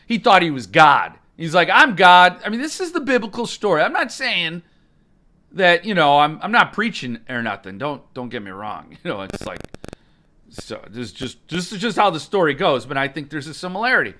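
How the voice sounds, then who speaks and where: A man's voice: a little high, big pitch swings, brisk, bright, forceful tone. A man hosting a live stream, ranting in a rambling, mock-outraged way, and he breaks into sudden screams.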